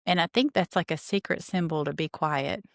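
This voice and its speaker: A woman's voice: fairly low pitch, normal speed, gravelly, no echo, clean studio sound. A woman hosting a podcast, recapping a reality show in a blunt, sarcastic way and swearing casually. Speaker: podcast host.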